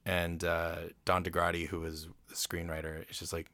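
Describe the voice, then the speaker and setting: Man, casual solo film recap, bright sharp tone, loose and rambling. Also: sits low, monotone, normal speed, no room sound. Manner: rambling, swears casually, acts out quotes. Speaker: film commentator.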